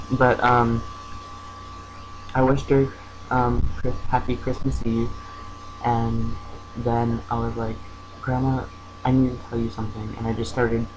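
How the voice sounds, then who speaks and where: A young vlogger talks into his camera at home, telling a personal story hesitantly with lots of fillers and restarts. His mid-range voice stays flat, barely rising or falling. The recording is rough, with a faint hum underneath.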